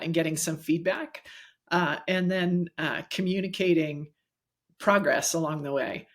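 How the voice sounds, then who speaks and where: Middle-aged woman, low earnest storyteller. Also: steady tone, a little slow. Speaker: guest, executive coach. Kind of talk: casual interview chat.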